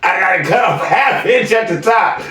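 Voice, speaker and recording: A man doing casual reaction commentary, mocking and animated, laughing often as he talks. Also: high-pitched, moderate pace, echoey room, far from the mic, faint music behind. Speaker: reaction streamer.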